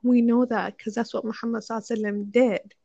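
A woman's voice: a little high, level tone, very fast, creaky, mellow, dry recording, muffled recording. A young woman chatting casually, thinking aloud with many fillers and restarts as she gives marriage advice. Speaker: speaker sharing advice on marriage. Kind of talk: casual chat.

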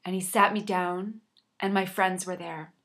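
A woman's voice: on the low side, flat delivery, measured pace, a bit bright. A woman coach sharing a personal story in an earnest, reflective way, with a slight frog in her throat. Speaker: life coach.

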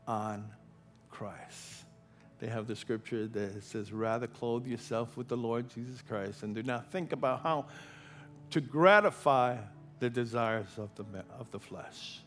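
A man preaching a sermon, building from quiet talk to loud, shouted repetitions with drawn-out phrasing. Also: medium pitch. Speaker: pastor.

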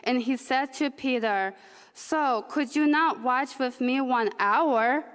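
A woman with a Russian accent reading scripture aloud in church, slow, careful and deliberate. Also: sits high, fairly bright tone, smooth. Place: church sanctuary. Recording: reverberant church hall.

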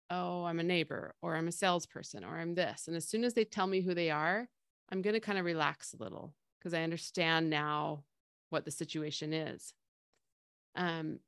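A woman's voice: on the low side, smooth, no echo, studio quality. A middle-aged woman co-hosting a casual podcast, explaining feelings through everyday analogies in a conversational way. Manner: explains with everyday analogies, acts out quoted voices. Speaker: podcast co-host.

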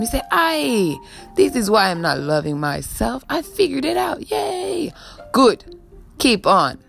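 A woman giving a preachy spiritual pep talk, ending most sentences with a questioning "ah?" and sighing now and then. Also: low voice. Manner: sighs before blowing love. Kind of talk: motivational spiritual talk to camera.

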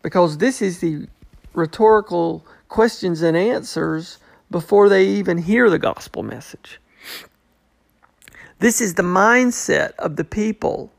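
A man's voice: high voice, slow, gravelly, dry recording, studio quality. A man teaching a Bible passage who acts out the people's questions in a mocking tone. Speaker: preacher.

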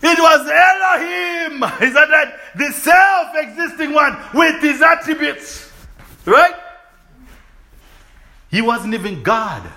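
A man preaching a sermon in call-and-response fashion, often asking his listeners to agree, with bursts of shouting and laughter. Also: very high-pitched, lively intonation, slow pace, pauses often.

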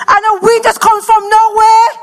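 A woman preaching a passionate sermon that rises to shouts, recorded in an echoey church hall. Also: extremely high pitch, level tone, moderate pace.

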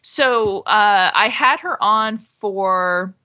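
A woman's voice: medium pitch, very slow, pushed and bright, highs cut off. A woman from Florida, a podcast guest chatting casually, talking in loose runs full of fillers and restarts. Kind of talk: casual chat.

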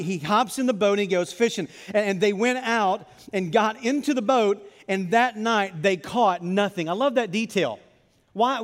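A man with a high, light voice delivers a sermon, retelling a story with lively acted-out lines and playful repetition. His voice rings with a long reverb, as if heard in a large hall. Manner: animated storytelling, acts out biblical dialogue with repeated phrases. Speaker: pastor.

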